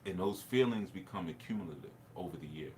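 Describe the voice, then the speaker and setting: A man's voice: low voice, lively intonation, fast, a little mellow, a little hiss or hum. A man, a spiritual teacher, telling a personal story in a rambling, reflective way, with laughs and restarts.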